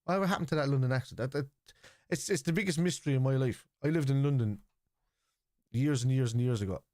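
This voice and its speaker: Talking quickly in a mid-range, slightly mellow voice, a man runs a live football watchalong stream. His casual commentary is blunt and opinionated, heavy on swearing and going back over the same points. It's a dry, studio-quality recording.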